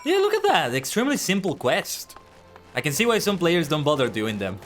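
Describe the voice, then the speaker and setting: A man's voice: a little high, wildly swooping pitch, moderate pace, fairly bright tone, faint music behind. A man streaming himself playing a game, chatting casually and rambling in a self-deprecating way. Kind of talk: casual gameplay commentary.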